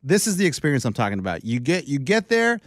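A man's voice: mid-range voice, fast, dry recording, clean studio sound. A man co-hosting a casual talk show, telling a story animatedly and acting out the people in it. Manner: animated, acts out characters mid-story. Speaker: radio show co-host.

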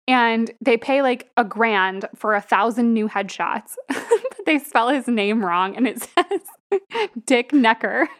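A woman's voice: a little high, expressive, slow pace. A young woman co-hosting a podcast, casually recapping a film plot and laughing often as she talks. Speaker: podcast co-host. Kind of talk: casual movie review chat.

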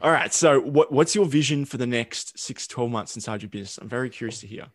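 A man's voice: mid-range voice, fast, no echo, studio quality. A man hosting a podcast interview, curious and affirming, often restarting his questions. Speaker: podcast host. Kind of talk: casual interview chat.

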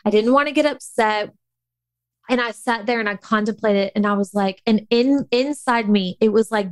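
A woman's voice: a little high, moderate pace, dry recording. A woman in her thirties telling a personal story in a candid, emotional way, full of fillers and restarts. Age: 30s.

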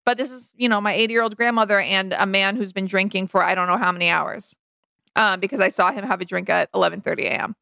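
A woman co-hosting a podcast, telling a long family story in casual chat and acting out the quoted lines with sudden jumps in pitch. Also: steady tone, fast talker, gravelly, sharp tone, clear, resonant tone, dry recording. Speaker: podcast co-host.

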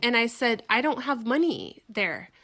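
A woman in her forties tells a story in a loose, casual chat, her voice bright and ringing. She swears freely and jumps into the voices of the people she quotes, keeping the telling lively. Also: fairly high pitch, unhurried. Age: 40s.

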